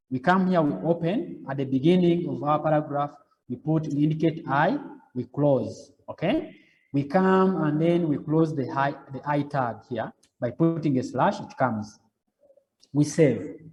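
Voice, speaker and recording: A man's voice: on the high side, dark tone. Repetitive man lecturing in a hall. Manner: repetitive, step-by-step, frequent "okay?" checks. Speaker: web design lecturer. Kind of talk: live coding lecture.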